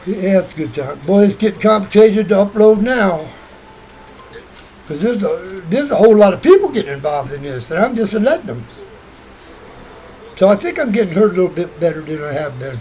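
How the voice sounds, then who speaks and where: A man's voice: high-pitched, very animated, brisk, dark tone, a little hiss or hum, rough recording. A man vlogging in a rambling casual monologue, often repeating himself and restarting sentences.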